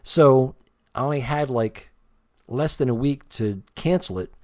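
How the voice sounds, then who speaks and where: A man's voice: medium pitch, unhurried, darkish tone. A man telling a rambling, self-deprecating story full of swearing while he shows a custom figure he painted. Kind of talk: casual storytelling while showing his work.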